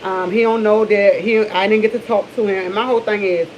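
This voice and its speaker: A woman's voice: medium pitch, steady tone, fairly quick, muffled recording, a little hiss or hum. Middle-aged D.C. woman chatting candidly. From Washington, D.C. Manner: candid, rambling, with many restarts. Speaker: vlogger. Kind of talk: casual morning chat to camera.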